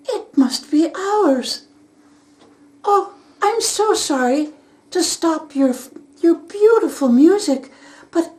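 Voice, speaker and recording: A polite, anxious young girl from a storybook, as a woman puts her on, stammering and flustered. Her voice is very high and lively, and she speaks slowly. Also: full character voice.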